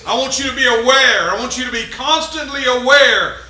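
A man preaching a sermon, swinging from loud emphatic lines to quiet low asides. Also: a little fast, echoey room, rough recording. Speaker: pastor.

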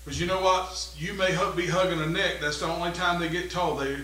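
High, bright-voiced preaching man. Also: steady tone, fairly quick, roomy sound, poor audio. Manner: swings from low conversational musing to loud rising exhortation. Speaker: pastor. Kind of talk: sermon and closing prayer. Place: church sanctuary.

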